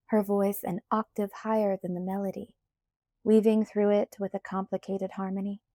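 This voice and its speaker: A woman narrating a novel aloud in the first person with steady, measured reading. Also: medium pitch, dry recording. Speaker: audiobook narrator.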